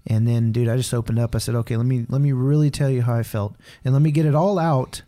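A candid man talks through his thoughts on a podcast in a mellow, warm voice. He rambles and leans heavily on casual fillers. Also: medium pitch, steady tone, fast. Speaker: podcast co-host. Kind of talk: casual faith conversation.

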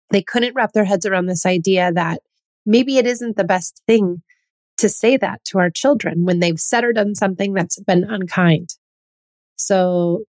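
A woman's voice: mid-range voice, darkish tone, no room sound. A woman hosting a parenting podcast, speaking in an earnest, conversational way with emphatic stresses. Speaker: podcast host.

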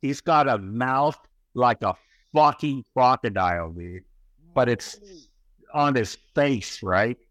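A middle-aged man with a voice of ordinary pitch tells a story in loose, rambling chat, full of swearing and checking in with "right?" and "bro". The sound is dry and close, with little room echo. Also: takes it slowly, a bit bright. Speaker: podcast guest. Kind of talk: casual profane storytelling.

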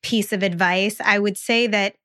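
A woman in her thirties chats on a podcast in a bright, ringing voice at a middling pitch. She talks things through in a reflective, spiritual way, circling back and restarting as the thoughts come. Her delivery is loose and conversational. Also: fairly even intonation, moderate pace. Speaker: podcast co-host. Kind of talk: casual conversational podcast chat.

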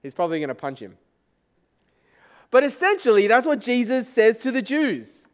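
A man's voice: extremely high pitch, very animated, normal speed. A male pastor giving a sermon in a conversational style, asking the congregation frequent rhetorical questions. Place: church service.

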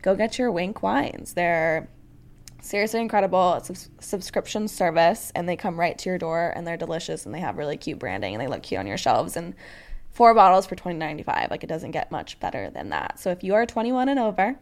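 Gravelly-voiced young woman podcast host. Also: lowish voice, big pitch swings, fairly quick. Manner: enthusiastic, teasing, laughs easily. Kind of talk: casual podcast chat and ad read.

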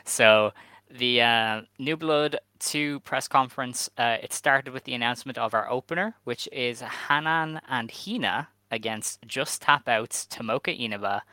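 A man co-hosting a casual podcast, walking through the news in a steady, methodical way with "um" fillers. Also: mid-range voice, measured pace, no echo. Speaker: podcast co-host.

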